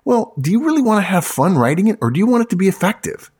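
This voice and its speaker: A man's voice: high voice, sing-song, quick pace, a little mellow, husky. A man who works as a recruiter gives emphatic, punchy resume advice, hammering his points home and addressing listeners as folks.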